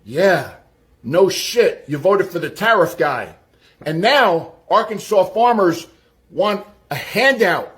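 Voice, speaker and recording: Slow, scornful high-voiced man. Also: animated, a bit bright. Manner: scornful, crude. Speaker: commentator. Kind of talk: mocking commentary.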